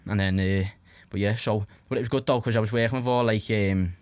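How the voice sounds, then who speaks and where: Recorded dry, a young man with a Scouse accent from Liverpool speaks briskly in a low, darkish voice with fairly even intonation. Appearing as a podcast guest, he tells casual, rambling stories full of fillers, restarts, and free swearing.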